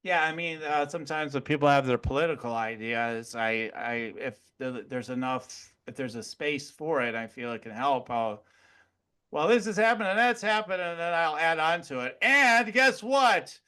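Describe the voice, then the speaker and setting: A man's voice: mid-range voice, moderate pace, few pauses, fairly bright tone, clear, resonant tone. A man hosting a spiritual podcast, talking casually and playfully, often laughing. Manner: laughs often, playful, does silly voices. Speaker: podcast host.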